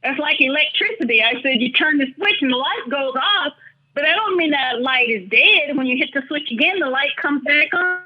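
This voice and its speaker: High-voiced older woman telling a story. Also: lively intonation, moderate pace. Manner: thoughtful, earnest, speaks with feeling. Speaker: interview guest. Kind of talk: reflective personal storytelling. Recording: dull lo-fi recording.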